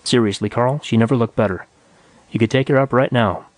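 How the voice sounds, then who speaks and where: A man's voice: medium pitch, fairly quick, dry recording, close to an everyday voice. A man voicing a weary, dry-humored male rocket inspector in a science fiction audiobook. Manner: dry, muttering. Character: gruff middle-aged male rocket inspector.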